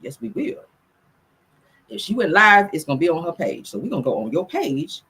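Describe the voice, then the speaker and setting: A woman doing casual celebrity gossip commentary, loud, sassy and profane. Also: lowish voice, very animated, normal speed, husky.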